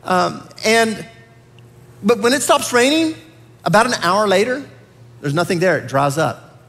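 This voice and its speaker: A man with a high voice preaching a sermon in a church sanctuary. He talks earnestly and builds up to emphatic peaks. His words ring out with the long reverb of a big hall. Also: sing-song, measured pace, gravelly, fairly bright tone. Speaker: pastor.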